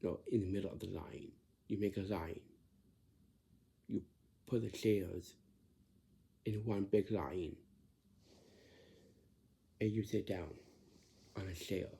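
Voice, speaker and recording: A man with a deeply gravelly, creaky voice talks through a routine step by step in casual speech. He is very slow and keeps circling back to repeat himself, sometimes dropping to a whisper. His tone is dark and mellow, pitched a little low. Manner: repetitive, halting, drifts into whispers. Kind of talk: casual spoken explanation.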